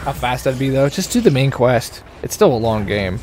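Male game streamer, mid-pitched and casual, coaches a buddy mid-fight, light background noise. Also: very animated, normal speed, a little mellow. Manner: chatty, coaching a teammate through fights. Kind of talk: casual gameplay commentary.

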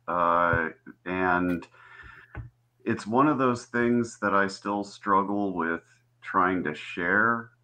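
A man's voice: deep voice, pushed and bright. A man telling a personal story as a talk show guest, hesitant and full of fillers. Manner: slow, hesitant, with many fillers.

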